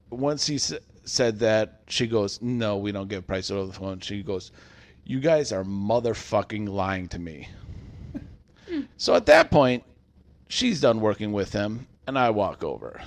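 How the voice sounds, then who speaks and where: A man's voice: fairly low pitch, big pitch swings, slow. A man in his thirties casually telling a customer service story on a podcast, acting out the quotes.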